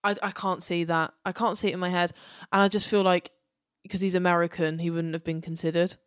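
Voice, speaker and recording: A woman hosting a podcast, chatting casually in an excitable, expressive way, swearing freely. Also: on the low side, fairly quick, clean tone, no echo, clean studio sound. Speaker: podcast host.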